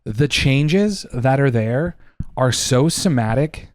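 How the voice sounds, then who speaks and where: A man's voice: medium pitch, lively intonation, slow, a little mellow, no room sound, studio quality. A man co-hosting a casual podcast, arguing heatedly and emphatically, with lots of swearing. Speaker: podcast co-host.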